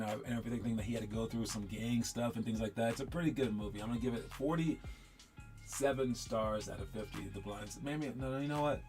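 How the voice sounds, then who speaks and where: A man's voice: medium pitch, a little mellow. Male host, stutters, rambly casual commentary, faint music underneath. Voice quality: stutters, repeats words. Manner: rambling, wanders off mid-thought. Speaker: podcast host.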